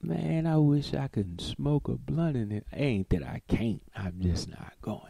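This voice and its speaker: Male podcast host, profane storytelling, lively swooping pitch, unhurried, dry close sound. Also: creaky, slightly rough, dry recording. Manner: animated, swings from mutters to shouts.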